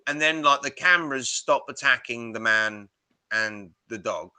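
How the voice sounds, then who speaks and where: A man co-hosting a film podcast, rambling and animated as he retells scenes, with casual swearing. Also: medium pitch, measured pace, smooth, no room sound. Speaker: podcast co-host. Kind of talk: casual film-review chat.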